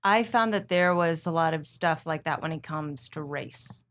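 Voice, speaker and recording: A woman with a fairly low voice who works as a TV news anchor. She chats as a guest, explaining things fluently and at length. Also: normal speed, a bit bright, slight background noise. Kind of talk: casual interview chat.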